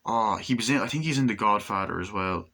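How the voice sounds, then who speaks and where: A man's voice: lowish voice, fairly quick, sharp tone. A young man in his twenties casually reviewing a film, rambling and enthusiastic, with frequent swearing and fillers. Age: 20s. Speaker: movie reviewer.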